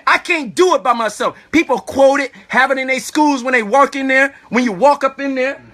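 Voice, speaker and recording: A man speaking live as a community activist, giving an impassioned, preachy talk with repeated rhetorical questions, emotional and at times shouting. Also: very high voice, normal speed. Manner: preachy, repetitive rhetorical "all right?". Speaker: community activist and children's school organizer. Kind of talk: impassioned live-stream speech.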